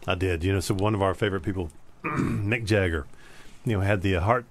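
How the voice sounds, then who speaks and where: A man co-hosting a casual podcast, easygoing and quick to react. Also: sits low. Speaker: podcast co-host.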